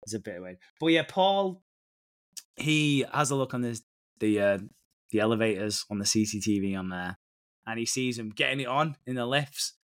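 A man's voice: medium pitch, expressive, normal speed, a bit bright. British man recapping a show on a podcast. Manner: storytelling recap, swearing freely. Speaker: podcast co-host. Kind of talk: casual chat.

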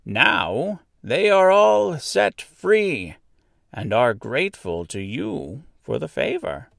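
Brief: gentle old witch lady, read by a man, calm and slow, voice sweeping up and down. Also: on the high side, vocal fry, dry recording, studio quality, voice pushed up, full character voice. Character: kindly little old good witch, calm and sure. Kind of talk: storybook reading.

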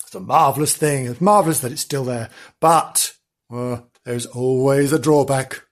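A man's voice: medium pitch, moderate pace. A man hosting a comic ghost-story podcast, telling the tale in a theatrical, melodramatic way. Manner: theatrical and melodramatic, hamming up the gore.

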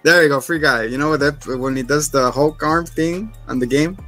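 Loud music plays under this man's fairly high voice as he co-hosts a podcast at a moderate pace. He jokes, swears and performs scenes in silly voices while recapping an episode.

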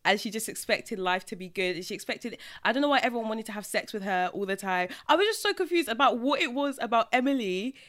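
A woman's voice: fairly high pitch, animated, fast talker, few pauses, a bit bright. Chatty woman hosting a podcast. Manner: chatty, lots of "like" and "literally" fillers. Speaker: podcast host. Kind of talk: casual chat.

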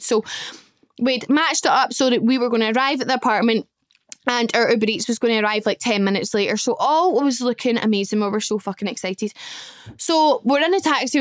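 A young woman host talks straight into a close, dry mic. Her voice sits a little high and comes across smooth and clear. She gushes through a casual story and swears freely. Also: no room sound. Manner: chatty, gushing, swears casually. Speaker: podcast host.

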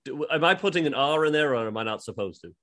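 A man playing an elderly John Lennon with a Liverpool accent, deadpan and rambling as a podcast host. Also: a little high, quick pace. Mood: wry. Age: 70s. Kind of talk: improvised comedy podcast impression.

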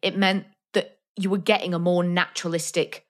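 A woman's voice: on the low side, flat delivery, normal speed. A woman co-hosting a casual film podcast, chatty and frank, with lots of "like" and fillers. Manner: chatty, frank, uses "like" a lot.

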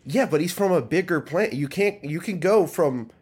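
A man's voice: fairly high pitch, expressive, normal speed, a little mellow. Man trading dry quips on a podcast. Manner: dry, teasing quips and offhand fact-sharing. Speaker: podcast co-host. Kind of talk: casual chat.

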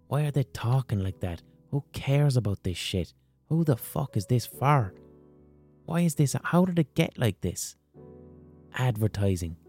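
An Irish man in his thirties hosting a podcast, talking in a sweary, rambling, animated monologue. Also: sits low. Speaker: podcast host. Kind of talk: casual monologue.

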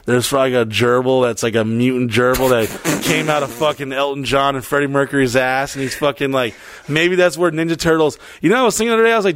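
A man's voice: medium pitch, fairly even intonation, fast, background noise. A young adult man co-hosting a podcast, rambling profanely through crude comedic banter. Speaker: podcast co-host.

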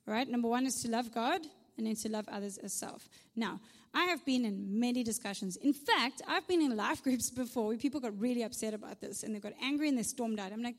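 A woman's voice: on the high side, a little fast, big-room sound. A woman preaching a conversational sermon with humorous asides, often checking in with "right?". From South Africa.

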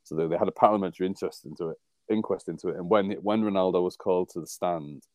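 Man from England, very low voice, mellow tone, rambling wry sports chat, dry sound. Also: fast talker, dry recording. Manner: rambling, wry, laughs at his own jokes. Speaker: podcast co-host.

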